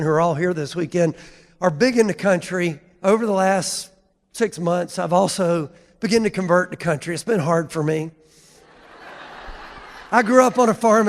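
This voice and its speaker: Gravelly folksy man in his 50s. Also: sits high. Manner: folksy, emotional, laughs while telling. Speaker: convention speaker. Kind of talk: personal storytelling speech. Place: large convention hall. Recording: long hall reverb.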